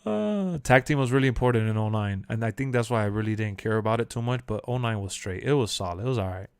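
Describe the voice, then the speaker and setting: A young man chatting casually on a live stream, answering chat in loose slang and bursting into loud shouts when he quotes people. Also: fairly low pitch, fast talker, clear, resonant tone, dry recording. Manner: animated, jumps to shouts when quoting.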